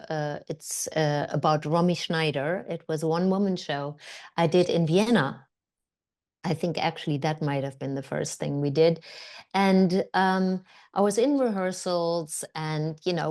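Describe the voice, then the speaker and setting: A middle-aged woman guest on an interview show, speaking in a slightly low voice. She tells her stories with lively energy, breaks into quoted voices and stumbles over fillers and restarts along the way. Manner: animated storyteller, acts out quoted voices, many fillers and restarts. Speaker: guest actor and director. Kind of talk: casual interview conversation.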